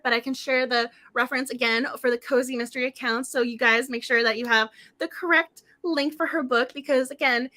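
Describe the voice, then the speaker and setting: A woman hosting a book club livestream in casual, effusive chat, her voice slightly hoarse. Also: fairly high pitch, pushed and bright.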